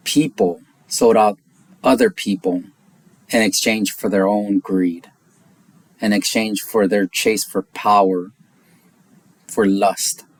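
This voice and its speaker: American man, lowish voice, dry close sound, profane heated rant for a vlog. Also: no room sound. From United States. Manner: blunt, heated, profane, speeds up and slows for emphasis. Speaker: vlogger. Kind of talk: opinion rant to camera.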